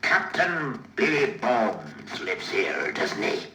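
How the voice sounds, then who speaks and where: An actor playing a menacing blind old pirate on a vintage children's story record. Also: male voice, on the low side, sing-song, slow pace, sharp tone, a little hiss or hum, exaggerated voice. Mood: probing. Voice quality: menacing, wheedling then threatening. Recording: echoey vintage vinyl recording.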